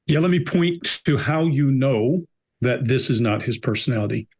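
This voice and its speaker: A man's voice: medium pitch, animated, moderate pace, a little mellow, breathy edge. A middle-aged man on a body language panel, talking bluntly and emphatically, driving his points home by repeating them. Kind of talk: casual panel discussion.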